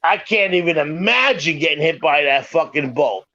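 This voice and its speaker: A man's voice: fairly high pitch, animated, moderate pace, bright, forceful tone, no echo. A middle-aged man telling a story in casual chat, emphatic and profane, insisting again and again that it is true. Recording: dull lo-fi sound, dry.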